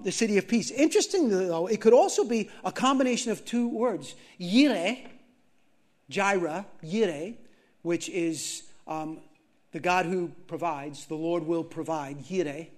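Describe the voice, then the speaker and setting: A male pastor preaching a sermon, moving between loud emphatic scripture reading and quiet, slow reflection, often repeating key phrases. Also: fairly high pitch.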